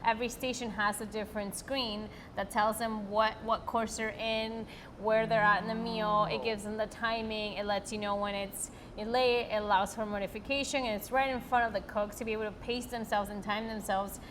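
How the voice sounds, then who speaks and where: A woman chef from Peru talks casually in an interview, relaxed and frank, often in short replies. Her voice is bright and a little tense, with faint background noise behind it. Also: medium pitch, normal speed.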